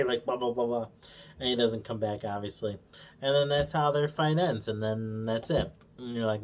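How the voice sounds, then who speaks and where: A man's voice: on the low side, steady tone, normal speed. A man co-hosting a review show, recapping episodes in a casual, sarcastic way, swearing constantly and mockingly acting out the characters' lines. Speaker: show co-host reviewing a TV series.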